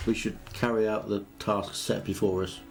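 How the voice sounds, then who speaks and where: A man playing a tabletop role-playing game, speaking earnestly and deliberately. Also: lowish voice, level tone, vocal fry. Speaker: player. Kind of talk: casual chat at a game table. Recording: roomy sound from off-mic, music underneath.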